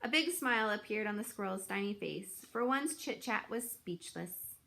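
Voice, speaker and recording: A woman reading a children's book aloud for her channel, an expressive storyteller. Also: medium pitch, moderate pace, vocal fry.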